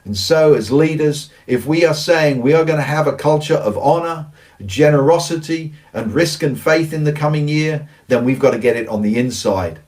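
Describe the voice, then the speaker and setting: A man's voice: fairly high pitch, moderate pace, darkish tone, far from the mic. A man giving a recorded teaching presentation on church and organizational culture, earnest and emphatic, repeating his key phrases. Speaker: church leadership speaker.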